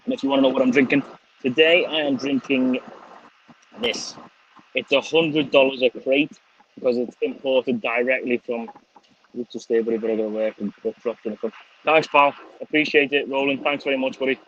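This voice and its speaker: A middle-aged vlogger from England with a Scouse accent chats casually on an outdoor livestream on a windy, sunny day. His mid-range voice is fairly bright and quick with fairly even intonation; he swears freely and thanks viewers by name. The stream audio is slightly dull and lo-fi, with slight background noise.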